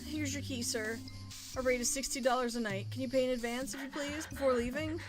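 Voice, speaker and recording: A meek young game motel keeper speaks politely in a raised, soft voice, as a woman puts him on. He sounds nervous and eager to please, and game music is clear behind him. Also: sits high, steady tone, brisk, pitched above the performer's own voice, close to an everyday voice.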